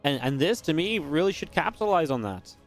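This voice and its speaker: Excitable man casting a strategy game. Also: on the high side, soft background music. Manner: quick, excitable play-by-play with filler restarts. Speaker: esports caster. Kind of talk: live game commentary.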